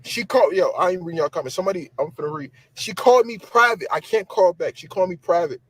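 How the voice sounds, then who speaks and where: A man with a high, slightly husky voice delivers a casual live-stream rant. He talks in loose slang, swears freely and circles back over the same points as he goes. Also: fast talker, low-quality recording. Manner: animated, slangy, repeats himself, swears. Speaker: social media commentator.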